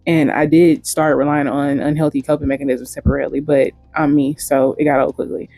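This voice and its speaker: Blunt, mellow-voiced woman vlogger. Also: sits low, level tone, brisk, no echo, soft background music. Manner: blunt, frank and profane. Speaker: host. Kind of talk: casual commentary vlog.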